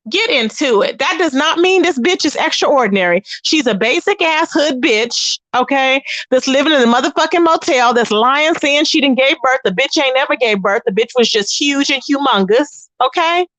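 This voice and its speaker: A woman's voice: high-pitched, expressive, moderate pace, hardly any pauses, a bit bright, no echo. A woman hosting a livestream, ranting with profane, scornful trash talk and sassy asides to her viewers. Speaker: livestream host.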